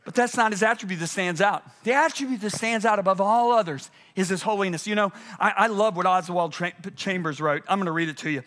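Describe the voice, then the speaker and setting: A male preacher delivering a sermon, swinging between loud urgent peaks and hushed, low passages. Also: fast talker, hardly any pauses.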